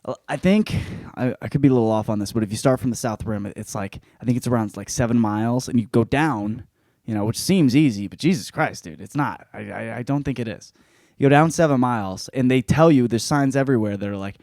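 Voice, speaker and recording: Casual podcast host, male, middle pitch, profane and joking, dry close sound. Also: quick pace, no room sound. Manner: profane, jokey, lots of swearing and laughing; jumps into loud high-pitched bits for effect. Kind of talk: casual book report monologue.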